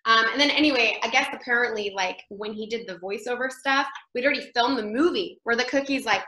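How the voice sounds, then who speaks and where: A woman actress telling an anecdote as an interview guest, animated and chatty, laughing often and acting out what others said. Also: fairly high pitch, fast, roomy sound, noisy background.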